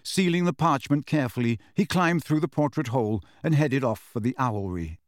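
A man narrates an audiobook in a steady, measured storytelling voice with a mid-range pitch. The sound is clean studio audio with no room sound.

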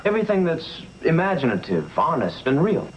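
A young actor playing an earnest, idealistic son planning a film in a 1960s sitcom. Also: male voice, a little high, sing-song, brisk, slight background noise. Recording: dull old TV soundtrack with music.

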